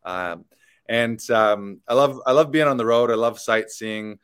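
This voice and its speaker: A man's voice: mid-range voice, measured pace, a bit bright, clean tone. A Canadian man with a Canadian accent hosting a podcast for actors, telling stories in a rambling, casual way with lots of fillers. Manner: rambling storyteller, many fillers. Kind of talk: casual chat.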